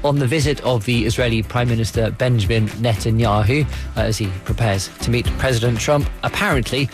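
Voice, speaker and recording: A man's voice: mid-range voice, fairly quick, music in the background. A male radio presenter introducing the programme live, conversational with some fillers.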